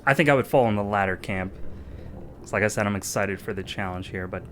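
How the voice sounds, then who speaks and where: A man's voice: fairly low pitch, fast, a little hiss or hum. Man musing aloud over gameplay. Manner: thinking aloud, filler-heavy. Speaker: let's-play gamer. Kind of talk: casual gameplay commentary.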